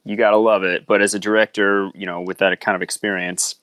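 Lower-pitched man, dry close sound, measured and reflective chat. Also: level tone, a bit bright, dry recording. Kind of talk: casual podcast chat.

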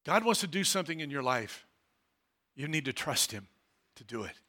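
A man, a pastor, preaching a sermon in a church, swinging from loud declarations to quiet, low asides. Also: sing-song, normal speed. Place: church hall.

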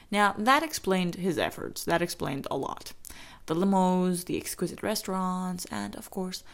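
A woman telling a personal story in an intimate way, slowing down and dropping into whispers for emphasis. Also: on the low side, creaky. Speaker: storyteller and teacher. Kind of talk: storytelling narration.

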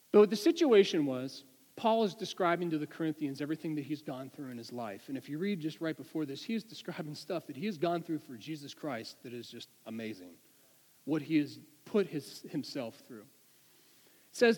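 Man preacher, slightly high voice, earnest and conversational, stumbles and restarts, long hall reverb. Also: sing-song, a little fast, a little mellow. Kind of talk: sermon.

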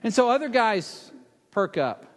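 High-voiced preacher in a reverberant hall. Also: male voice, very animated, unhurried. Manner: dramatic storytelling, acts out quoted speakers, drops to a hush for emphasis. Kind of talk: sermon retelling a Bible story.

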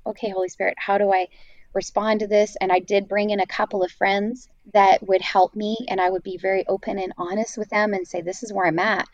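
An earnest woman recounts her story in a reflective, searching way, often pausing and restarting. Her voice sits at a middle pitch and is recorded dry and close, with a slightly dull, muffled top end. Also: no echo. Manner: earnest, reflective, many fillers. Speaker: guest sharing her story. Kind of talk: candid faith testimony.

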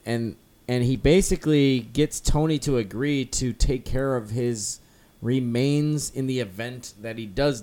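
A man's voice: mid-range voice, mellow. A man co-hosting a comic book podcast, talking casually and rambling with many fillers and restarts. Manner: rambling, lots of "like" and restarts, acts out characters loosely. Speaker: podcast co-host.

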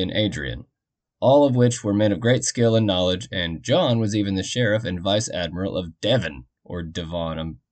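A man with a fairly low, darkish voice hosts a history storytelling podcast. He narrates casually, wandering into jokey, rambling asides and muttered side remarks.

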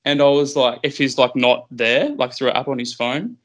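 A man's voice: mid-range voice, fairly even intonation, normal speed, a bit bright. A young Australian man from Queensland, a fishing guide, chatting as a podcast guest in a laid-back way, swearing freely and laughing easily. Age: young adult. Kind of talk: casual chat. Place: at home.

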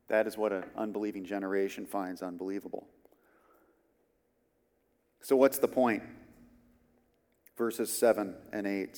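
A man's voice: on the low side, fairly even intonation, normal speed, pauses often, a little mellow. Man preaching in a reverberant church. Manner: earnest, conversational preaching with frequent restarts. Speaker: pastor. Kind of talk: sermon.

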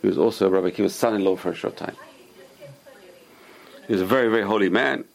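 A man's voice: deep voice, fast, creaky. A man teaching an informal Torah class, explaining Hebrew sources and giving emphatic warnings.

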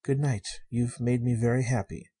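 A man reading the part of a shy, wondering sixteen-year-old girl, in a soft, earnest and innocent way. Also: medium pitch, steady tone, moderate pace, slightly rough, close to an everyday voice. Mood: tender.

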